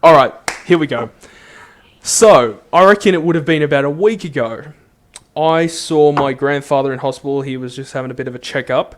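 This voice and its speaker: A young man, a co-host, telling an animated story in casual chat. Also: a little high. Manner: animated storyteller, does quick voices in quotes. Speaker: podcast co-host.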